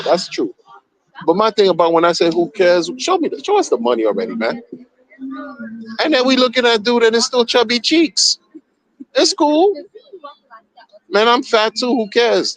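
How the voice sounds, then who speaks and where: A man's voice: on the high side, low-quality recording. A man streaming casual commentary, mocking and profane, repeating himself as he rants. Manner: animated, mocking, profane, repetitive.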